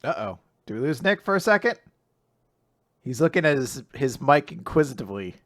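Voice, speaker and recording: A man's voice: mid-range voice, very animated, fairly quick, fairly bright tone. A man co-hosting a casual podcast chat, joking, laughing often and playfully grandiose. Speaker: podcast co-host.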